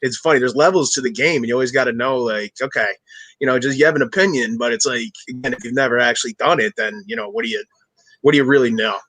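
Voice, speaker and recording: A man's voice: mid-range voice, fast, fairly bright tone, dry recording, poor audio. A man co-hosting a podcast, talking in an easygoing way, laughing along and tossing in agreeing fillers. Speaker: podcast co-host. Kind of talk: casual chat.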